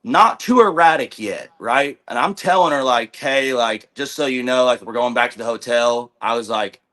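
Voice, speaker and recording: A young man recounts a chaotic day as a podcast guest, his voice bright and forward. He rambles, swears freely and acts out what everyone said. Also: medium pitch, normal speed. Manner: rambling, profane, retells with quoted dialogue. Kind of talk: casual storytelling in a podcast chat.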